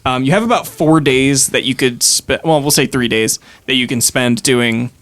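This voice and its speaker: A man's voice: mid-range voice, normal speed, fairly bright tone. A man running a tabletop game as game master, narrating casually and joking loosely with his players. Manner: laughing, loose and jokey.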